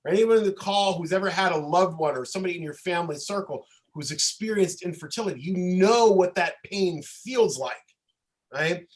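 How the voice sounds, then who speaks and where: On a video call, a rabbi leads a Torah study lesson in a high-pitched voice at normal speed, talking conversationally and often checking in with "okay?" and "right?". His explanation winds around with frequent restarts, and the recording quality is poor.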